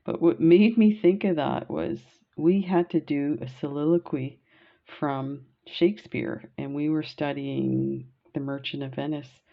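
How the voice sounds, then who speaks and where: A woman's voice: sits low, fairly even intonation, a little slow, creaky, dull audio. A woman from Canada who tells stories in a chatty, rambling way while beading, often laughing. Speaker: beading vlogger. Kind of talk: casual storytelling while beading.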